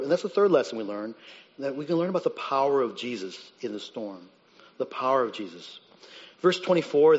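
A man preaching a sermon, who swings between soft, low reflection and loud, high-pitched dramatic retellings. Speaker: pastor. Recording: dull sound with long reverb in a large hall.

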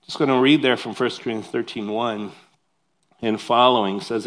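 In his sermon, a pastor with a mid-range voice speaks at normal speed, animated and conversational. He turns to the congregation with questions and personal asides.

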